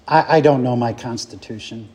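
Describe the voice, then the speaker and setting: A man's voice: medium pitch, normal speed, a little mellow, in a large hall, a little hiss or hum. A man leading an informal Bible study, teaching conversationally and putting questions to his group.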